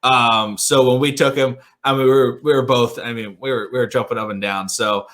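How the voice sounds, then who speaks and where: A man's voice: medium pitch, fairly even intonation, brisk, a bit bright. A man hosting a casual sports podcast, upbeat and chatty with frequent ums and restarts. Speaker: podcast host.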